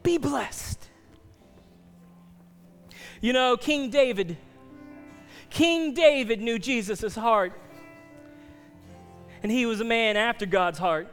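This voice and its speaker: A man preaching an altar-call sermon, earnest and pleading, sometimes dropping to soft near-whispers. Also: very high-pitched, takes it slowly, long pauses, clear, resonant tone, long reverb tail, faint music behind. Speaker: pastor.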